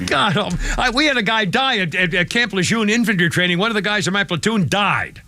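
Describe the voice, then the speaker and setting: A man's voice: high voice, lively intonation, brisk, sharp tone. A man in his seventies hosting a talk show, ranting in a rambling, heated way with many restarts and at times getting choked up. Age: 70s. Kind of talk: opinionated talk show commentary.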